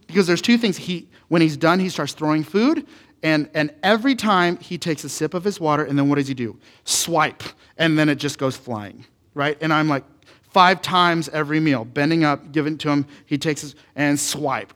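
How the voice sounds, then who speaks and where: A man's voice: fairly high pitch, brisk. A man in his thirties, a pastor preaching a conversational sermon with repeated rhetorical questions. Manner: animated and repetitive, full of rhetorical questions.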